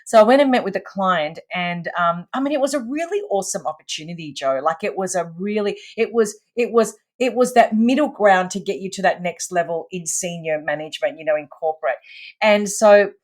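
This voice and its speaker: Woman, middle-aged, lively emphatic storytelling guest, mid-pitched voice. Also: fairly quick. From Australia. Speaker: podcast guest. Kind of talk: storytelling in conversation.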